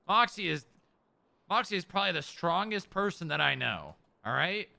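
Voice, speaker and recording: A man streaming in-character role-play, coaxing and reassuring as he talks gently to a dog and a hurt friend. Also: high-pitched, lively intonation, normal speed, gravelly.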